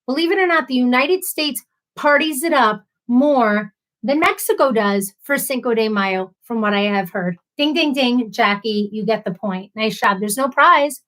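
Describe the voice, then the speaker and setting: Woman, young adult, bubbly, rambling chatty livestream, higher voice. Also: moderate pace, a bit bright, rough recording. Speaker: livestream host. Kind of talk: casual livestream chat with viewers.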